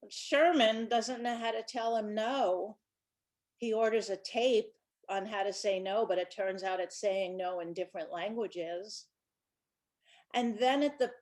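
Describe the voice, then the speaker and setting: Chatty woman children's author. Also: medium pitch. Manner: chatty storytelling with restarts. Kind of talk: casual talk about her books.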